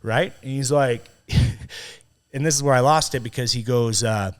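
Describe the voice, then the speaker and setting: A man hosting a podcast, telling a personal story in casual, profane, animated conversation. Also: mid-range voice, normal speed, smooth. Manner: profane, animated when retelling a confrontation. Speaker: podcast host.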